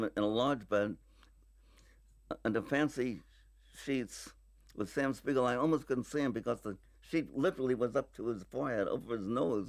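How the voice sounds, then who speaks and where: Dry-sounding man telling a halting anecdote. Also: medium pitch, no echo. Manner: halting storytelling with long pauses. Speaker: screenwriter interviewee. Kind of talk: archive interview anecdote.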